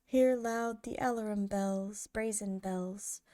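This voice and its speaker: A woman narrating poems in a soft, hushed ASMR reading style, drawing out each line slowly. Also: mid-range voice, steady tone, no room sound, clean studio sound. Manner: slow, hushed, drawn-out delivery.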